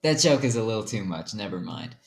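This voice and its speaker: Very low-voiced woman narrating improv. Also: animated, a little fast, darkish tone. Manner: rambling, giggly, self-correcting. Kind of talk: improvised comedic storytelling. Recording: echoey room.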